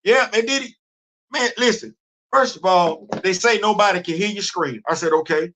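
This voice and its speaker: Male host with a high, sharp voice; lively, exclamatory fan chat. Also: normal speed, a little hiss or hum. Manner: animated, repetitive, exclaiming, laughing. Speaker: comics podcast host. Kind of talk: excited casual comic book talk. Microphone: live stream mic.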